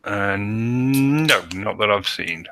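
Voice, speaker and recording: A man on a casual podcast, chatting with his co-hosts and then reading a first-person account aloud in a steady, plain way. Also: on the low side, drawn-out words, background noise. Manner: steady, plain storytelling read. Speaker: podcast co-host and story reader.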